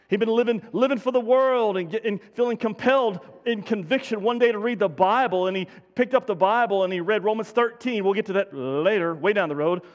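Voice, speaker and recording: A man's voice: high voice, big-room sound. A man preaching a sermon as pastor, folksy and self-deprecating, with many restarts. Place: church sanctuary.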